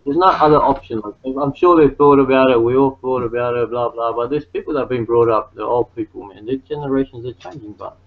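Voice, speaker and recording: A man's voice: mid-range voice, fast talker, few pauses. Guy rambling in a chat, keeps saying mate, sounds tinny like a phone line. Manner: rambling, says mate and man a lot. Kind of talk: casual chat.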